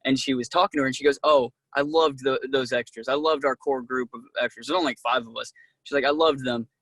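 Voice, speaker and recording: Man, actor guest, fast lively storytelling, mimics quoted voices, dry close recording. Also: mid-range voice, no room sound. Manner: animated, acts out quoted dialogue, many "like"s. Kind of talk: casual interview storytelling.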